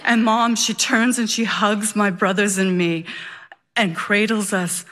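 A woman telling a personal story live, building suspense with slow dramatic pauses. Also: mid-range voice, steady tone, long reverb tail, very noisy.

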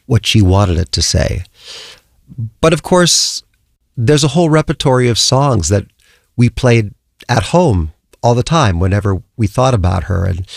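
An older man speaks with a low, gravelly voice in a close, dry studio recording. He tells thoughtful stories about music, unhurried and reflective, as a conductor in a radio interview. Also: dry recording. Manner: thoughtful, storytelling, puts on voices in anecdotes.

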